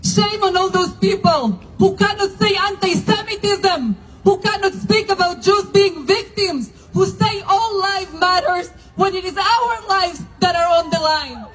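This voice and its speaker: A woman's voice: very high voice, unhurried, hardly any pauses, fairly bright tone, poor audio. A woman from Argentina, a religious leader giving a fiery, declamatory protest speech at an outdoor rally, hammering repeated refrains.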